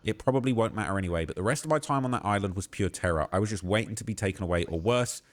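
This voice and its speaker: A man hosting a livestream, reading a long post aloud in a steady way and breaking off now and then with shocked outbursts. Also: lowish voice, very fast. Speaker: livestream host.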